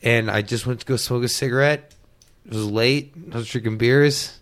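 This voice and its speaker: A man's voice: medium pitch, fairly even intonation, moderate pace. Rambling man telling a story. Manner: rambling, filler-heavy storytelling. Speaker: podcast co-host. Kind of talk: casual chat.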